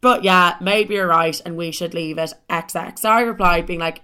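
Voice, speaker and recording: Animated woman telling a dating story. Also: lowish voice, normal speed, hardly any pauses, smooth. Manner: animated, swears a lot, heavy filler "like". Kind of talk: casual storytime monologue.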